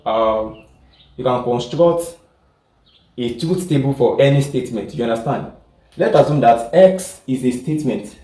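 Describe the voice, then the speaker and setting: A man's voice: medium pitch, mellow. Man lecturing in an echoey room. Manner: checks in often with the class, repeats points. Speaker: teacher. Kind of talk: classroom lecture. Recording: echoey room, far from the mic.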